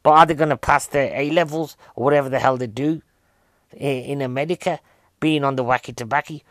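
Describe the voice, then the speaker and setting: Medium-pitched, fairly bright and steady in tone, a male film reviewer talks a little fast through a rambling, comic movie recap. He's chatty and keeps firing off "right?" and other rhetorical questions, with no room sound.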